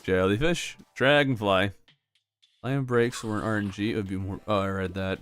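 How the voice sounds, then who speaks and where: A man's voice: medium pitch, moderate pace, a bit bright, clean tone, faint music behind. A man casually chatting with his viewers while playing a video game, reacting to what happens and laughing often. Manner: chatty, reacts to game events and answers chat aloud; laughs often between remarks. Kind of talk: casual livestream chat with viewers.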